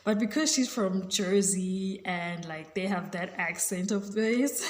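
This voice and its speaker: A chatty woman talks straight to camera in a gushing, rambling way. Her voice sits at an ordinary middle pitch. The room around her is echoey. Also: a little slow. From South Africa. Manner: gushing, chatty, fills with "like" and "you know". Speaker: vlogger. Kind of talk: casual chat to camera.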